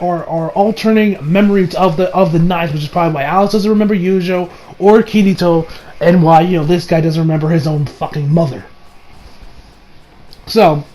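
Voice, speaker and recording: A man's voice: high-pitched, darkish tone, slight background noise, poor audio. A man casually recapping an anime episode, rambling with many fillers and briefly acting out the characters' lines. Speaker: anime reviewer.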